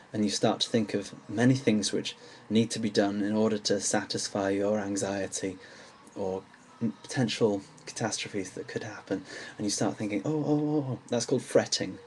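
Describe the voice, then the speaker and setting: Young English male, low register, casual and halting teaching delivery, faint background hum. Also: darkish tone, poor audio. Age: young adult. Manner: hesitant, lots of ums, slows to demonstrate words. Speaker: accent teacher. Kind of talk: casual pronunciation lesson.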